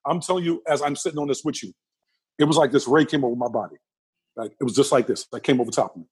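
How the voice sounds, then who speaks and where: A man being interviewed, telling a personal story with lively energy and acting out the other people's lines. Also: mid-range voice, fast talker, breathy edge. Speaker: interview guest.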